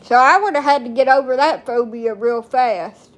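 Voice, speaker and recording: Talking to camera at a moderate pace, a thirty-something woman from the United States streams on TikTok, chatting casually with her viewers. Her high voice carries blunt, rambling talk peppered with folksy slang.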